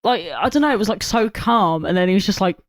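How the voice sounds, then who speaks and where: A young co-host chatting about a show with lots of swearing, excited restarts and fillers. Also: medium pitch, quick pace, no room sound, studio quality. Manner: animated, sweary, restarts often. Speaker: podcast co-host. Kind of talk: casual film chat.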